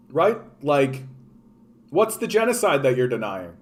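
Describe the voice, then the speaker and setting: A man's voice: on the high side, a little slow. Profane man ranting casually. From Canada. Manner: profane, animated, filler-heavy, reacting to chat. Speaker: streamer. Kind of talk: casual political rant.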